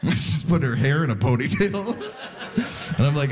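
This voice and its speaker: A man in his forties performs a stand-up routine with a slightly higher voice than most men. His delivery is very animated, and his pitch rises and falls widely as he slips in and out of the characters in his stories. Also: moderate pace. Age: 40s. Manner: animated storytelling, acts out voices. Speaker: stand-up comedian.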